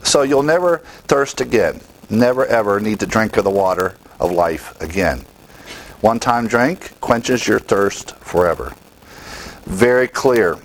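A man's voice: fairly low pitch, lively intonation, measured pace, slight background noise, poor audio. A man teaching from the Bible in a sermon, emphatic, asking his listeners questions and answering them himself.

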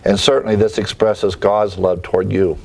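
A man's voice: flat delivery, normal speed, creaky, darkish tone, slight background noise. A man preaching a sermon as pastor, reading scripture aloud with a lifted voice, commenting plainly and closing in prayer. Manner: reads scripture aloud with raised pitch, then comments plainly; ends with a spoken prayer.

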